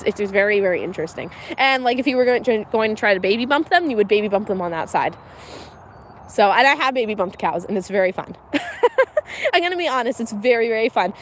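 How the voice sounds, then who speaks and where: Her voice medium-pitched, a homestead mom livestreams from her farm, chatty and giggly as she talks to the animals. A little hiss or hum runs under the audio.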